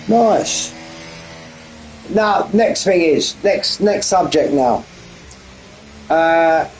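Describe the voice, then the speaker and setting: A man's voice: medium pitch, darkish tone, slight background noise, rough recording. A man commentating a sim race on a live stream, bantering with viewers and often repeating himself.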